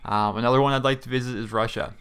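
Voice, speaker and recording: A man's voice: mid-range voice, steady tone, fast talker, a bit bright, clean tone. Chatty young man rambling over gameplay. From Pennsylvania, US. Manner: rambling, chatty, frequent fillers. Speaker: gaming YouTuber. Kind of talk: casual commentary over gameplay. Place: small room at home.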